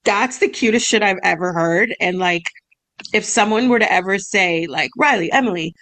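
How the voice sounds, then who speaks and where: A woman's voice: mid-range voice, normal speed, fairly bright tone. Bubbly young woman podcast co-host. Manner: bubbly, laughs often, gets choked up. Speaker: podcast co-host, massage business owner. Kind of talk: casual chat, reading emails aloud.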